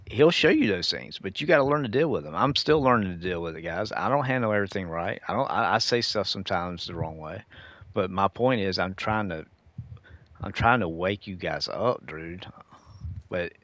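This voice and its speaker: A man's voice: deep voice, animated, normal speed, a bit bright, no room sound. A middle-aged man ranting casually to his viewers while gaming, preachy and lecturing, calling them dude and y'all. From United States. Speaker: gaming streamer.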